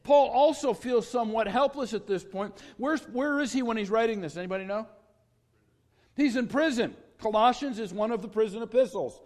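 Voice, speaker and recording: A man's voice: very high voice, fairly quick, a little mellow. A middle-aged man preaching a sermon as a pastor, with a conversational, folksy storytelling manner and touches of humor. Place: church sanctuary. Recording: long church reverb.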